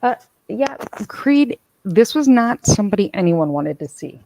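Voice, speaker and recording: A woman's voice: medium pitch, sing-song, measured pace, gravelly, mellow, no echo, low-quality recording. A woman hosting a casual livestream, rambling and calling out viewers by name as she reads their comments. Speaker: streamer host reading chat.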